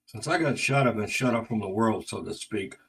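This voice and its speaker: A man voicing a formal, courteous gentleman of about forty who apologizes for imposing, in a spoken story. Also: on the low side, expressive, brisk, gravelly, husky, heavily acted, poor audio.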